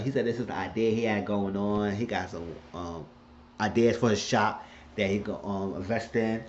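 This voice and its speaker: Low-voiced guy rambling thru a tv recap, casual slangy, dull lo-fi audio. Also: fairly even intonation, moderate pace, a little hiss or hum. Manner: rambling, colloquial, retelling scenes. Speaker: TV show recapper. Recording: dull lo-fi recording.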